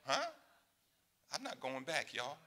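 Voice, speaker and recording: Bright-voiced man in his sixties preaching. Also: very animated, takes it slowly. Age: 60s. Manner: swings from low, quiet asides to loud, high exclamations; conversational preaching with laughs and asides to the congregation. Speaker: pastor. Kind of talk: sermon.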